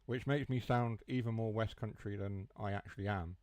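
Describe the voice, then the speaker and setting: A young man from near Mansfield speaks with a broad Huthwaite accent, letting his H's and T's drop. His voice sits low, and the recording is dry and close, with no room around it. He rambles through jokey asides in a casual gaming-stream chat. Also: fairly even intonation, normal speed, a little mellow, dry recording. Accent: Huthwaite, Nottinghamshire. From Mansfield area, England. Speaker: train sim streamer.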